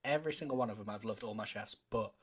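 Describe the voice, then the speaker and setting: A man's voice: lowish voice, rapid-fire. A man co-hosting a podcast, explaining things in an emphatic, casual way. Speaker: podcast co-host. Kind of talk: casual chat.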